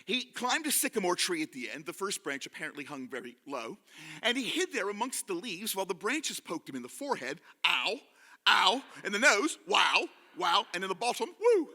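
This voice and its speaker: A man telling a story live to an audience in a hall, animated and leading them in call-and-response. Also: sits high, fast.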